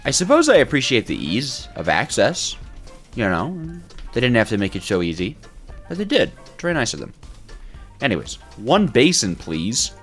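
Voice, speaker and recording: Male gaming creator, excitable let's play talker with a very animated pitch and a habit of thinking out loud. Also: normal speed, faint music behind. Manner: excitable, thinks aloud and talks to himself, often laughs. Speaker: gaming YouTuber.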